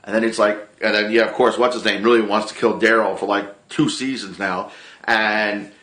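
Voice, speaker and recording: Casual male vlogger, animated, bright voice, echoey room. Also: on the low side, normal speed. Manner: animated, re-enacts his own reactions, swears freely. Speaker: TV show reviewer. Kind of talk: casual excited recap vlog.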